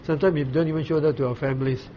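Pastor, male, higher-pitched voice, unhurried teaching sermon, muffled recording with faint noise. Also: steady tone. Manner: explains slowly, pauses often with "uh", asks the listeners questions.

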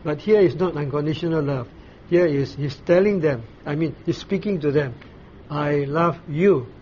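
A man preaching a sermon, explaining scripture slowly, pausing often and asking his listeners questions. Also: a little high, lo-fi sound, slight background noise. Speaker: pastor. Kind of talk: sermon, Bible teaching.

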